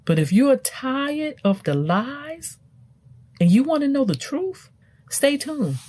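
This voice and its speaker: A woman's voice: high-pitched, very animated, slow pace, a little mellow. A woman hosting a spiritual podcast, speaking emphatically to the listener with many rhetorical questions. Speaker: podcast host. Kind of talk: spiritual teaching monologue.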